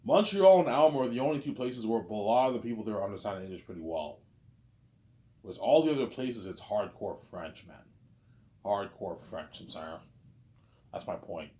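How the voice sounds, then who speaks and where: With a fairly low, warm voice and lively intonation, a male vlogger in his thirties rambles at a moderate pace. He tends to say things twice and tacks "obviously" or "you know what I'm saying" onto his lines.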